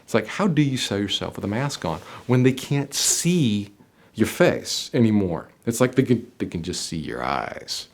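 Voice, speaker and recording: Middle-aged male interview coach, lively pitch swings, emphatic and motivational to camera. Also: normal speed. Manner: emphatic, motivational, addresses viewer directly. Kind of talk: direct-to-camera coaching video.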